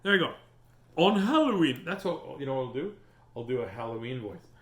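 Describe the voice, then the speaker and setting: A man's voice: mid-range voice, fast, slight background noise. A man hosting a storytime, reading a picture book aloud and chatting with viewers. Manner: animated, chatty, greets viewers. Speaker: storytime host. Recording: roomy echo.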